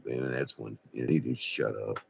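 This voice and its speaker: A man, telling a rambling, profane story in a folksy, animated way. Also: extremely low pitch, normal speed, creaky, breathy edge. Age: 60s. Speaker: vlogger. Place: indoors by a window.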